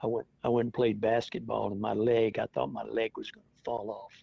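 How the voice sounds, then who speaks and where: Gravelly older man telling old stories. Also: fairly low pitch, flat delivery, brisk, no room sound. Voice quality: gravelly, husky. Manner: chatty, laughs often, acts out quotes. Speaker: veteran interviewee. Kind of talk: oral history storytelling. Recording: dull lo-fi dry recording.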